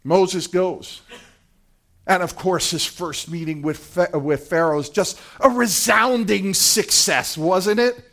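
A man's voice: high-pitched, takes it slowly, a bit bright. A man preaching a sermon as pastor, retelling scripture in a dramatic way and acting out the voices of its people. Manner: dramatic, acts out biblical voices.

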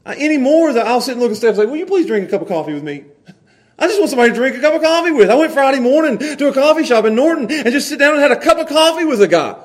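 Folksy high-voiced preacher man. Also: racing. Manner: folksy, swings from hushed earnest to loud excited storytelling. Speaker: pastor. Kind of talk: sermon. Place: small church, evening service.

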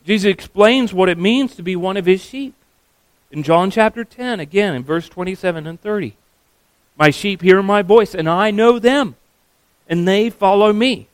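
Guy preaching, kinda high voice, earnest, leans hard on key words, dry close sound. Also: normal speed, clean tone, no echo. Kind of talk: sermon.

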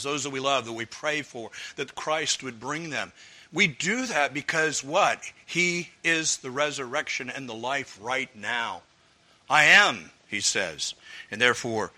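A man's voice: mid-range voice, pushed and bright. A man preaching an expository sermon, earnest and emphatic, building up through repeated phrases. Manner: earnest, emphatic, with swelling repetitions.

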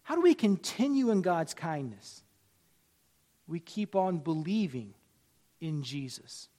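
A man's voice: a little high, sing-song, takes it slowly, dark tone. A man in his forties preaching a sermon in a conversational way, repeating phrases and rising for emphasis. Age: 40s. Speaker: pastor.

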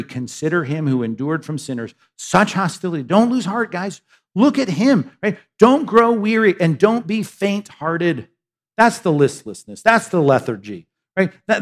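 A middle-aged man preaching to a church congregation, and his voice sits a little higher than most men's. His delivery is lively and conversational, with quick asides, and he slips into the voices of the people in his text. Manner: animated, conversational preaching with frequent "right?" asides; acts out voices of characters in the text. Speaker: pastor. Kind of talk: sermon. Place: church sanctuary.

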